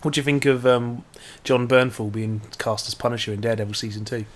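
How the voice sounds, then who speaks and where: A young man speaks quickly on a casual review podcast, dropping dry, teasing comments. His voice sits in a middle pitch. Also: fairly even intonation, a little hiss or hum. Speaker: podcast co-host.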